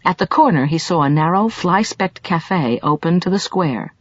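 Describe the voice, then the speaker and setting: A woman's voice: lowish voice, lively intonation, moderate pace, breathy edge, no room sound. A woman narrating an audiobook in a scripted, dramatic reading with shifting emphasis, recorded in a dull lo-fi, dry way.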